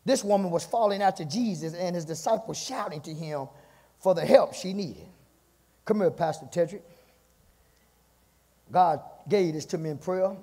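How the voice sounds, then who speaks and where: A male pastor preaching a fiery sermon, punctuating lines with "my God" and swinging between shouts and hushed passages. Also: high voice, husky, long reverb tail. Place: church sanctuary.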